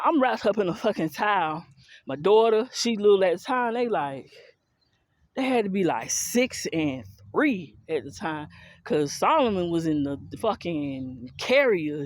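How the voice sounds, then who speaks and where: A woman's voice: mid-range voice, no room sound. Blunt, heated woman telling her story. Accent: African American Vernacular English. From US South and Philadelphia. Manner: blunt, heated, profane, addresses listeners directly. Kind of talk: casual storytelling monologue.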